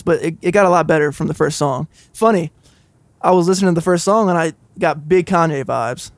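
A young man in a casual music podcast, rambling through a funny story with frequent laughs. His voice sits a little high, and the sound is dry and close. He reviews songs in loose, easygoing talk. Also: lively intonation, fairly quick, no room sound. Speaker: podcast co-host.

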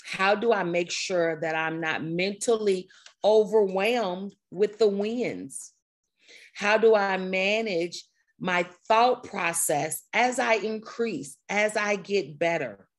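A woman leads an online group session, her voice slightly strained. She talks in an energetic, conversational way, repeating herself and laughing often, heard through a computer mic. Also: medium pitch, slow. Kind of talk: motivational talk to a group.

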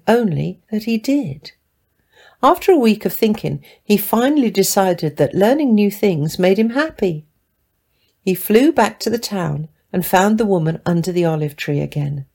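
A woman's voice: on the low side, vocal fry, mellow. Woman reading a children's story aloud. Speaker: story reader. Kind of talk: storybook narration.

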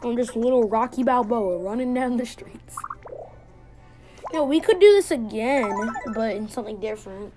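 Excitable woman with a high, giggly voice. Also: moderate pace, music in the background. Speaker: gaming channel host. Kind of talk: let's play commentary.

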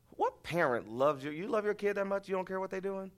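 A man's voice: fairly high pitch, a little fast, few pauses. A man, a pastor preaching in a conversational style and turning to the congregation with folksy, rambling asides. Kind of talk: conversational sermon. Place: church.

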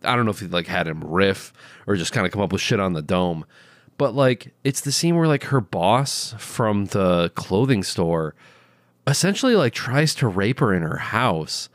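A man co-hosting a podcast in casual chat, animated and quick to laugh, acting out quotes. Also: lowish voice, no echo, studio quality. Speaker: podcast co-host.

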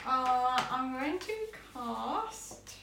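A woman's voice: sits high, lively intonation, extremely slow. A woman playing in a tabletop game, casual and a bit hesitant with fillers. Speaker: player. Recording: echoey room, distant from the mic, faint noise.

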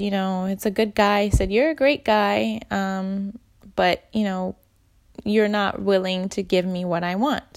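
A woman telling a personal dating story to her viewers in a chatty, animated way, acting out what others said. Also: medium pitch, gravelly, no echo. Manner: chatty, animated, quoting others with lively voices. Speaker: vlogger.

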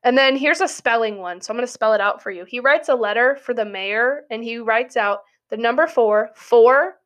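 A woman's voice: on the high side, normal speed. A young adult woman, a college student, talking through a casual spoken essay in a chatty, giggly way full of "like" fillers. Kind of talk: casual monologue.

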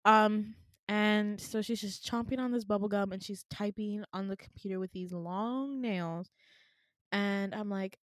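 A young woman in her twenties telling a dream story on her podcast, animated and exasperated, slipping into laughter. Her pitch sits mid-range for a woman. The recording is dry and close. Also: measured pace, no echo. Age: 20s. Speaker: podcast host.

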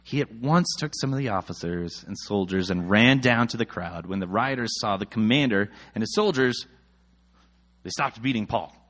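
Man, thirties, lively swooping delivery; casual scripture reading with comic, exasperated commentary. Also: on the low side, moderate pace. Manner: animated, jokey, exasperated asides.

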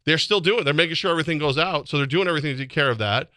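Animated high-voiced male radio co-host. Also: racing, no echo, studio quality. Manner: animated storyteller, jumps into high voices when quoting people. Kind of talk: casual radio banter.

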